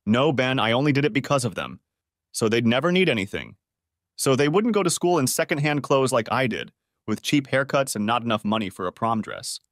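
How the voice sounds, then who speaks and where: A man's voice: medium pitch, expressive, a little fast, dry recording, studio quality, lightly acted. A man putting on a pleading, tearful young wife. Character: desperate young mother accused by her husband. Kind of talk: audiobook character voice.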